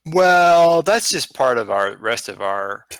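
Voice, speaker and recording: A man's voice: medium pitch, very animated, takes it slowly, a bit bright, clean tone, no echo. A man narrating as game master in a loose, rambling way, with frequent fillers.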